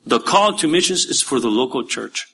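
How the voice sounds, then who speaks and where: A man, a pastor preaching a sermon in a church, emphatic at times and dropping to quiet asides. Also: mid-range voice, expressive, moderate pace, vocal fry, a little hiss or hum.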